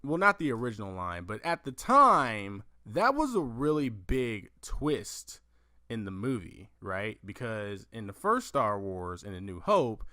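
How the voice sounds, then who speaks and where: A man hosting a casual movie news podcast, profane and animated, acting out lines from films as he tells them. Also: fairly low pitch, measured pace, no echo, clean studio sound. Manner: profane, animated storytelling with acted-out quotes. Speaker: podcast host.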